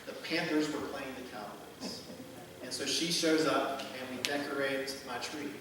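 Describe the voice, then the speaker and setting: A man's voice: mid-range voice, steady tone, unhurried, noisy background. A man in his forties giving a sermon, telling a personal story in a casual, conversational way with plenty of asides and fillers. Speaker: pastor. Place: large church hall. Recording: roomy hall reverb from a distant mic.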